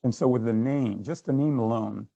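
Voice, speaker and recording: A man's voice: mid-range voice, moderate pace, creaky, warm tone, dry recording, highs cut off. A man giving a sales training workshop, conversational, acting out little exchanges as he goes. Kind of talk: workshop talk.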